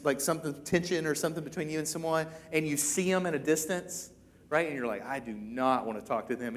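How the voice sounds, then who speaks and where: A man's voice: on the high side, fairly bright tone. A man preaching to a church congregation, talking in a casual, conversational way and acting out the quoted lines. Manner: conversational, acts out quoted lines, many repeats. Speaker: pastor. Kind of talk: sermon.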